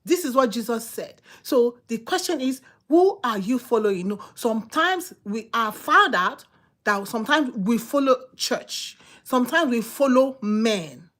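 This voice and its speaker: A woman with a Nigerian English accent preaches in an emphatic, repetitive way. Her voice sits a little high, and she moves between rousing calls and hushed asides. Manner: emphatic, repeats phrases, swings between loud exhortation and quiet asides. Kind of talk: sermon.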